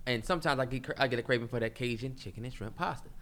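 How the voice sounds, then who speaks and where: A man's voice: mid-range voice, rapid-fire, a bit bright. A young man co-hosting a podcast, talking in casual heated banter, indignant, defensive and swearing. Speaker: podcast co-host.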